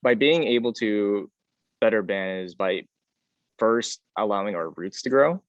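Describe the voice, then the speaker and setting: A young man in his late teens, a high school student band leader, speaking hesitantly on an online panel, losing his train of thought and getting emotional. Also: unhurried, no echo. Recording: dull, dry lo-fi audio.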